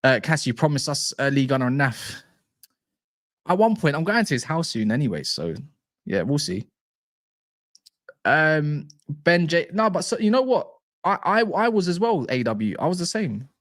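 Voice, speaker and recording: A man hosting a football livestream, chatting casually and reading live comments in a slangy, animated way, often restarting and stumbling over names. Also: a little high, normal speed, pauses often, no room sound, studio quality.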